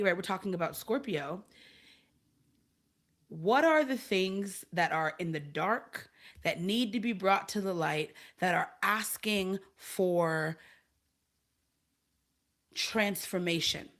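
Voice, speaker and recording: Bright-voiced woman hosting a spiritual chat. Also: medium pitch, expressive, slow pace, long pauses. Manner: laughs often, reads and answers chat comments. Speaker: host. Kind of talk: channeled livestream chat.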